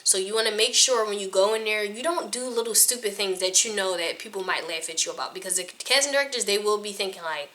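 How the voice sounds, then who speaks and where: Frank, laughing woman with a bright voice. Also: mid-range voice, fast, hardly any pauses. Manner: frank, chatty, laughs often. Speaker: acting coach and casting judge. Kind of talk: casual advice to camera.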